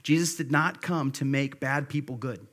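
A man's voice: mid-range voice, normal speed, fairly bright tone. A man preaching a sermon at a church service, earnest and conversational, repeating key phrases for emphasis. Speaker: pastor.

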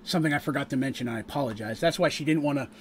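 A man narrating a tabletop game as game master, casual and full of fillers, pausing to explain rules. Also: mid-range voice, slight background noise.

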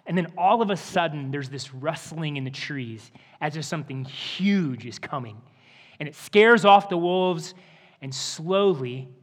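A man's voice: a little high, a bit bright, long reverb tail. A man pastor giving an earnest sermon, often restarting words as he talks, in a church sanctuary. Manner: earnest, with repeated word restarts.

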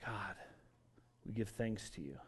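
A middle-aged man from Denver preaching a sermon as pastor, moving between emphatic declarations and soft, reflective passages. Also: on the low side, lively intonation, measured pace, breathy edge. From Denver, Colorado.

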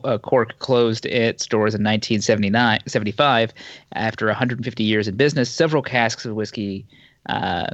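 A man's voice: mid-range voice, a bit bright, dry recording, lo-fi sound. A man co-hosting a casual talk show, reading news aloud with small slips and asides. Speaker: podcast co-host.

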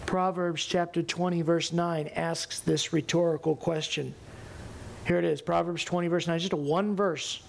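A man preaching a sermon as pastor, animated and rising to loud emphatic bursts. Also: fairly high pitch, moderate pace, vocal fry, slight background noise.

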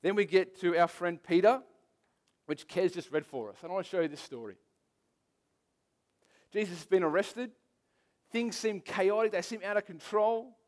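A pastor delivers his sermon in a high-pitched voice for a man. He talks to the room like a storyteller, mixing scripture with personal anecdotes, and hammers key phrases by repeating them. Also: moderate pace, pauses often. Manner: emphatic repetition.

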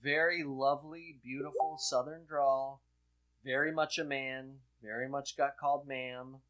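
A man, co-hosting a podcast in casual chat, telling jokey stories with lively swooping emphasis. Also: medium pitch, unhurried. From Midwestern United States. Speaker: podcast co-host.

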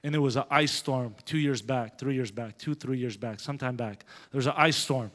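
A man pastor giving a sermon with a personal story, animated and growing loud as he tells of his anger. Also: mid-range voice, a little fast. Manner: animated, grows loud when telling of anger. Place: church sanctuary. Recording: long hall reverb.

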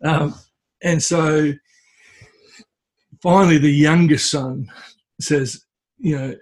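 A man, a podcast guest, telling a folk tale in a relaxed conversational way, often stopping and restarting his phrases. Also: on the high side, takes it slowly, slightly rough. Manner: hesitant, restarts phrases, tells story with acted quotes. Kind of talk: conversational storytelling. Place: at home with a cat.

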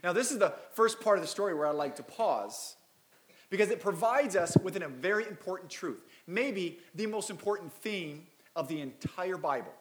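A man's voice: sits high, lively intonation, moderate pace, echoey room, a little hiss or hum. A man preaching a Christmas sermon as pastor, reading scripture and breaking in with casual, self-deprecating asides.

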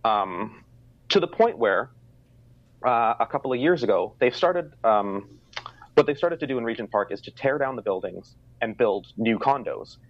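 A man's voice: medium pitch, expressive, moderate pace. A young man from Canada telling a personal story in a casual conversation, reflective, with many ums. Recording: dry, slightly dull sound.

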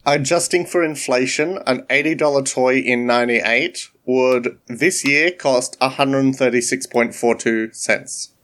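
A man's voice: medium pitch, unhurried, few pauses, fairly bright tone. A man in a casual movie chat, chiming in with brief facts and corrections. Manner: brief fact-checking interjections.

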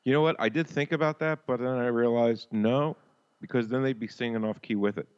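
A man's voice: medium pitch, steady tone, brisk, smooth. A man co-hosting a podcast in casual chat, blunt and sardonic, swearing a lot. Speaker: podcast co-host. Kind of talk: casual chat reviewing a TV episode. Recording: dull lo-fi mic.

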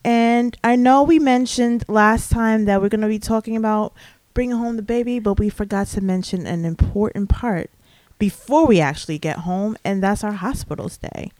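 A woman's voice: mid-range voice, normal speed, darkish tone, dry recording. Upbeat woman hosting a home podcast. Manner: upbeat, friendly, laughs easily. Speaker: podcast host. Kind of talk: casual chat. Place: living room couch in a home.

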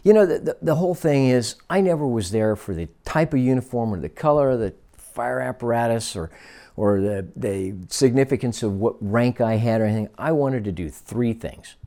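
A man's voice: medium pitch, expressive, normal speed, warm tone. A man in his sixties from Northern California, a retired fire captain, telling stories in an interview and acting out the lines of people he quotes. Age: 60s. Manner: storytelling, acts out quoted dialogue. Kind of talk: oral history interview.

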